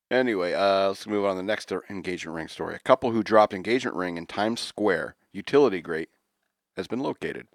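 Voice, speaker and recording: A man with a fairly low voice reads quirky news stories aloud and breaks off into jokes and asides. The sound is dry and close, with no room around it. He talks like a podcast co-host in loose conversation. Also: no echo. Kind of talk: casual chat reading news stories.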